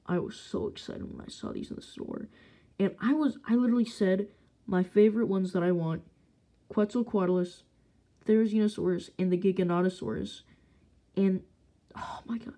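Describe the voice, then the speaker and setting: A young woman vlogging about her collectible toys in an easy, casual way. She gushes with excitement and often slips into hushed, breathy asides. Her voice is warm and a little husky. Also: medium pitch. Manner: gushing, excitable, drifts into whispers. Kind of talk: casual unboxing chat.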